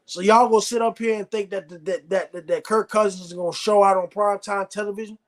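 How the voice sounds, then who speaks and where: High-pitched man ranting bluntly. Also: steady tone, fast. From United States. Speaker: sports show host. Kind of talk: live sports reaction stream.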